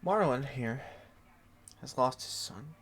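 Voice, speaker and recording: Woman, comedic vlog, giggly, fake sobbing, lively pitch, faint background noise. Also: slow pace. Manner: giggly, fake sobbing and whining, breaking into laughter. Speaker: comedic vlogger.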